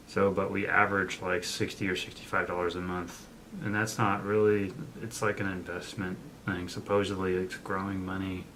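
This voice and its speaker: A young man with a very deep voice, chatting in a relaxed way about money and dropping the odd joke. A faint hum of background noise runs under his voice. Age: young adult. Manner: laid-back, joking asides. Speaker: co-host. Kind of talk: casual chat.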